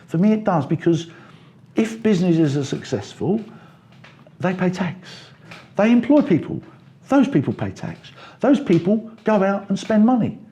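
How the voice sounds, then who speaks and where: Man, middle-aged, from England, gravelly, mellow, animated interview talk. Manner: animated, rising pitch when making points. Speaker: party member interviewee. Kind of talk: political interview chat.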